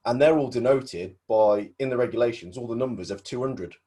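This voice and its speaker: A man's voice: mid-range voice, fairly quick, mellow. A man, a guest explaining wiring rules in a hesitant, explanatory way on a casual podcast. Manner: hesitant, explanatory, many fillers. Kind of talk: casual chat.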